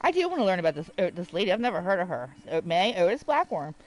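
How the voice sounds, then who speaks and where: A woman chats through a gaming livestream, her pitch rising and falling in animated swings. She reads snippets aloud and riffs on them with offhand jokes. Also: quick pace, poor audio. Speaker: live streamer. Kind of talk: casual livestream chat while gaming.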